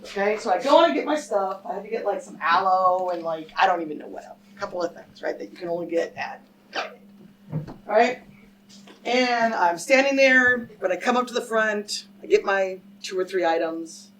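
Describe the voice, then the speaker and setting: A woman's voice: medium pitch, animated, moderate pace. A woman scholar giving a public lecture and telling a story to a live audience, emphatic and direct, often turning to the crowd with questions. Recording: speaker a little far from the mic, faint background noise.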